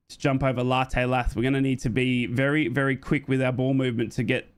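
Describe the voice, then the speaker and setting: A young Australian man giving live play-by-play football commentary while chatting with viewers, jumping high and quick when excited. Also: clear, resonant tone. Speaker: fan watchalong commentator.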